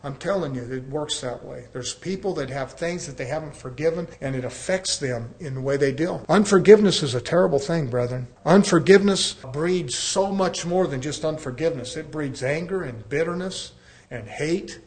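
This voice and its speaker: Male pastor, fairly high voice, earnest sermon with conversational storytelling. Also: moderate pace, darkish tone. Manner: earnest preaching that addresses the congregation as brethren; conversational storytelling with acted-out dialogue.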